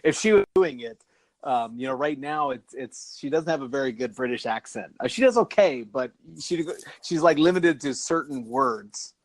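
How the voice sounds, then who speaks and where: Man, podcast co-host, casual chat, lively rambling, laughs a lot, dry close sound. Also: a little high, normal speed, no room sound. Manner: animated, laughs often, rambling.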